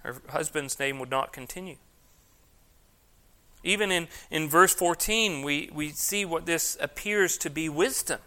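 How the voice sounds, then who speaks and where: A man's voice: a little high, unhurried, pushed and bright. A man preaching an expository sermon, reading scripture aloud with emphasis and then explaining it. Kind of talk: sermon, expository Bible teaching.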